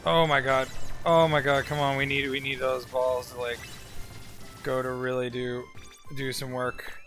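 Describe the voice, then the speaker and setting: A man's voice: medium pitch, level tone, unhurried, a bit bright, faint music behind. A young man casually commenting while streaming a game, loose and profane, rambling with lots of filler words.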